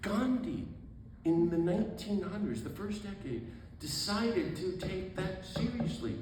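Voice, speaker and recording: Exuberant priest in an echoey hall. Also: male voice, high-pitched, lively intonation, darkish tone, recorded from a distance. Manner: exuberant, quick asides, laughs at himself. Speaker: priest giving a book talk. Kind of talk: animated public talk. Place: event hall. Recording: echoey room with faint background noise.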